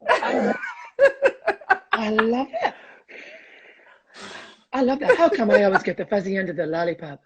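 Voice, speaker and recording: Cheeky Scottish man, husky and high. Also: sing-song, a little slow, pauses often. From Scotland. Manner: cheeky, chatty, laughs often. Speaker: comedian guest. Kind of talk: casual chat on a video call.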